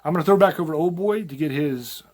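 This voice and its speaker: Folksy man, higher-pitched voice. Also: fast, a little mellow. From rural Virginia mountains. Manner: folksy, rambling, storytelling with self-quoted asides. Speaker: podcast host. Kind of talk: casual spoken monologue.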